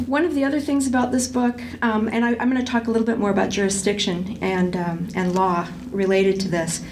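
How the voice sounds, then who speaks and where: A woman's voice: medium pitch, noisy background. A woman reading from a novel aloud and then talking it over thoughtfully, with frequent ums and restarts. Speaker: book discussion presenter.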